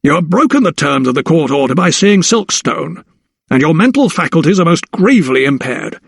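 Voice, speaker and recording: A man's voice: fairly high pitch, very animated, moderate pace, gravelly, breathy edge, dry recording, pitched above the performer's own voice, heavily acted. A cold, domineering older lawyer, as a male narrator plays him, speaking with haughty condescension. The reading is dry and close.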